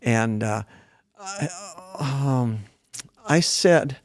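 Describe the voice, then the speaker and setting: Older man, native German speaker, gravelly voice, chatty, laughs a lot, dry close sound. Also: mid-range voice, expressive, unhurried, no room sound. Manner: chatty, laughs often, self-mocking. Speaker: guest. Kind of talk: casual interview chat.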